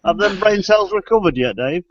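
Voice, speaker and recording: A man's voice: high-pitched, lively intonation, normal speed, dry recording. A man hosting a casual, teasing chat among friends and laughing often. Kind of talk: casual banter on a video call. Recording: dull dry lo-fi audio.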